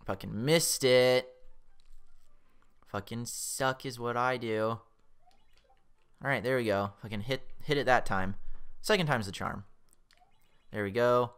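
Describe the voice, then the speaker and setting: A young let's play host with a clean, medium-pitched voice commentates his own gameplay at a measured pace with long pauses. He's excitable, swears a lot, and yelps when the game startles him.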